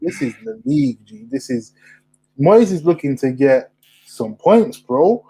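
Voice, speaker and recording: A young man hosting a casual football chat, animated and full of slang. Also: fairly high pitch, unhurried, vocal fry, breathy edge, poor audio. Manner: animated, slangy, asks questions. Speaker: podcast host.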